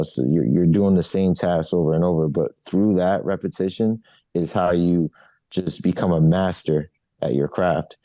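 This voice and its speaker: Deep, mellow-voiced man, casual guest. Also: no room sound. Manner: relaxed, repeats "you know" and restarts often. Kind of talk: casual interview answers.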